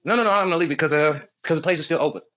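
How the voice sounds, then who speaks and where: A comedian with a slightly high voice talks very fast during a live stand-up set at a comedy club. He rambles through a story, chuckles at his own jokes, and banters with the crowd, captured in a noisy stage recording with audience laughter.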